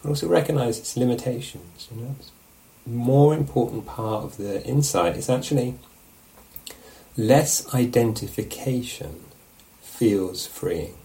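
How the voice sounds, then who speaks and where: A man teaching meditation in a relaxed, conversational dharma talk, often checking in with his listeners. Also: medium pitch, moderate pace, gravelly, few pauses.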